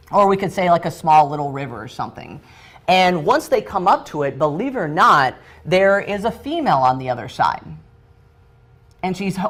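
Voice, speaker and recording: A man with a high-pitched voice leads a training session, telling a story freestyle while he draws. He's loose and chatty, with many fillers and restarts.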